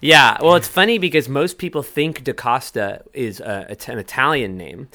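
A man's voice: mid-range voice, expressive, normal speed, sharp tone, dry recording. A young man from New York chatting casually as a musician guest, rambling and jokey, often correcting himself mid-sentence. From New York, USA. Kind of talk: casual chat.

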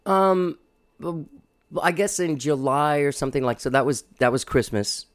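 A man's voice: a little high, lively intonation, moderate pace, dry recording. A middle-aged man hosting his podcast in a casual, rambling way, full of restarts and fillers, recorded in a home studio. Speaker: podcast host. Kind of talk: casual interview chat.

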